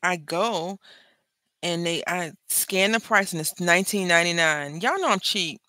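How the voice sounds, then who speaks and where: While she makes jewelry for a craft video, a middle-aged woman with a voice on the low side chats at a normal speed. Her stories are lively and joking, and the recording is dry.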